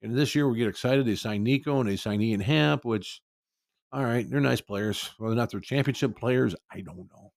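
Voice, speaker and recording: A man's voice: medium pitch, normal speed, gravelly, no echo, studio quality. A man hosting a sports talk show, ranting in frustration with mocking quotes.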